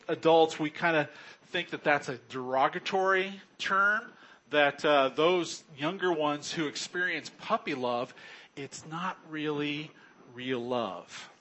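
A man's voice: a little high, fairly bright tone. A middle-aged man preaching a sermon in a chatty, joking way, often chuckling. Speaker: pastor.

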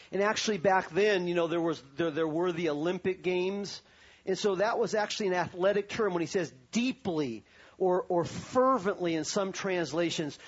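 A man's voice: fairly high pitch, breathy edge, highs cut off. A pastor preaching a sermon to his congregation, telling a personal story and then rising to fervent preaching.

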